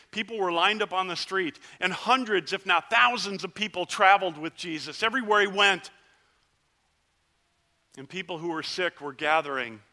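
A man playing a bright-voiced healed leper. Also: on the high side. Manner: vivid storyteller, shouts the plea, then hushes. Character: male leper, one of ten, telling his story. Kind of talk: first-person dramatic monologue sermon.

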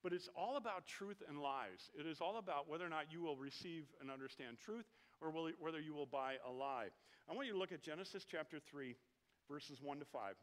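A man's voice: on the high side, fairly bright tone. A middle-aged man preaching a sermon in a conversational, joking way, often asking his listeners questions. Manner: conversational, jokey, asks the congregation questions. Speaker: pastor.

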